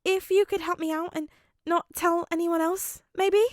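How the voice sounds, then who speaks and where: A woman's voice: very high voice, steady tone, moderate pace, no room sound, studio quality, voice pushed up. A woman reading aloud voices an anxious, earnest teenage boy student who frets and whines. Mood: pleading, flustered. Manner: earnest, whiny, flustered.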